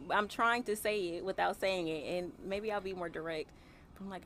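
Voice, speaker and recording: A woman's voice: mid-range voice, normal speed, fairly bright tone. A woman co-hosting a casual podcast, speaking bluntly and candidly about her own needs. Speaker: podcast co-host. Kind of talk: casual chat.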